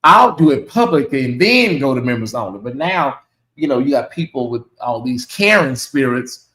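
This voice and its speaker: A man hosting his own livestream, chatting casually and reacting out loud to messages from viewers. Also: mid-range voice, moderate pace, roomy sound, poor audio. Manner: chatty, animated, reacts aloud to comments. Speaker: channel host.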